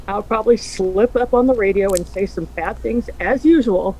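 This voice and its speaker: A woman's voice: mid-range voice, measured pace, rough recording. Emotional woman host, faint hiss. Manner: emotional, quietens when grieving, lively when telling stories. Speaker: radio host. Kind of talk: tearful tribute chat.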